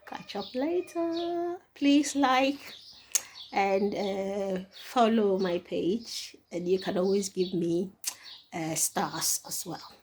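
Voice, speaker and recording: A woman's voice: mid-range voice, fairly even intonation, slow pace, darkish tone, slight background noise. A middle-aged woman from Ghana chatting casually to her viewers as she cooks in her home kitchen, laughing often. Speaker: cooking vlogger. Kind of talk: casual cooking demonstration.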